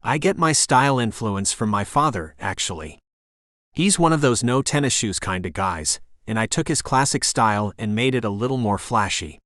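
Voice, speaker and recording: An upbeat young man hosting a livestream, as a male narrator voices him, chatty and sing-song with a bright lilt. The voice sits in an ordinary middle pitch. It is recorded dry and close. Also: lively intonation, moderate pace, no room sound. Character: upbeat young male online cooking host.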